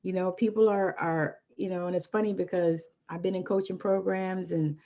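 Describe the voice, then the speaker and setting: A woman's voice: on the low side, fairly even intonation, normal speed, dark tone. A woman hosting a podcast, encouraging her guest and affirming her answers as she asks questions. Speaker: podcast host. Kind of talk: casual interview chat. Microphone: video call. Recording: dull lo-fi audio.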